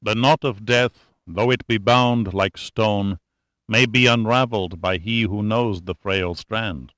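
A man reading an audiobook who voices a solemn, gentle, shy old man with a poetic bent, slow and grave. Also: lowish voice, no room sound. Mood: gentle, firm. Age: older.

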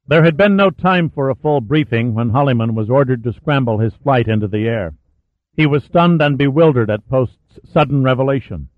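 A man narrates a scripted audiobook in a steady, dramatic manner. The sound is thin and phone-like, with a dry sound. His voice sits in a middle register. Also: mid-range voice, moderate pace, no echo.

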